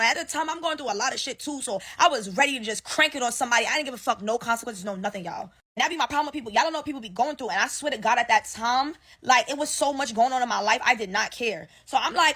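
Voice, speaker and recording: A young woman rattles off a workplace story in a quick, animated rush, heavy on slang and swearing. Her voice sits a bit high for a woman, and she acts out the other people's lines as she goes. It sounds like a casual phone-recorded vent to the camera. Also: breathy edge. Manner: animated, profane, slangy storytelling with acted-out quotes. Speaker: storyteller ranting about work. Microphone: phone selfie video.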